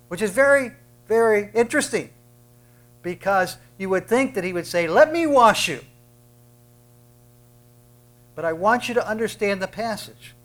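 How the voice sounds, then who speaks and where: A man delivers a sermon in a voice pitched somewhat high for a man. He drives home each command with emphasis and often stumbles over repeated words at the start of a thought. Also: low-quality recording. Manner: emphatic, bursts loud on commands. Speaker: preacher.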